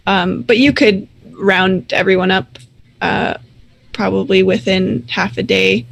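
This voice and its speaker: A woman narrating as game master of a tabletop game, measured and thoughtful. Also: mid-range voice.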